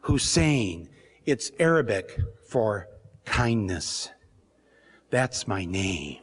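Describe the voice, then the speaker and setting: A man putting on a calm, measured male politician, speaking slowly and quietly firm. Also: husky, exaggerated voice. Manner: slow, low and quietly firm.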